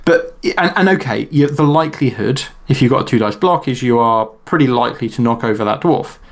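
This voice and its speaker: A man co-hosting a tabletop game podcast, explaining tactics in a measured, careful way. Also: medium pitch, animated. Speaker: podcast co-host. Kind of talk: casual chat.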